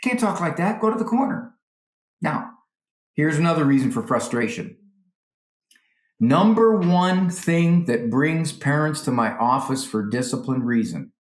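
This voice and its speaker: The room echoes around this man's high-side voice. He's a psychologist on as a guest, animatedly advising on parenting and rapidly impersonating parents and children.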